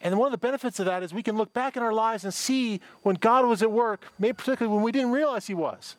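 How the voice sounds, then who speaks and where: Middle-aged pastor guy preaching, kinda high voice, casual rambly asides, dry close mic. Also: fast talker, no echo. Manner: conversational preaching with asides and repetitions. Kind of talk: sermon. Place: church service with a parking-lot and online audience.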